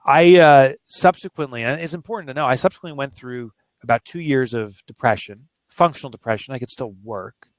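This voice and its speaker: A man in his forties tells a candid story from his own life as an interview guest. His voice is mid-pitched and plain, and he speaks with earnest feeling. The recording is dry and close, with no room sound. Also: a little fast, no room sound. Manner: earnest, emotional, plain-spoken. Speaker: author and guest.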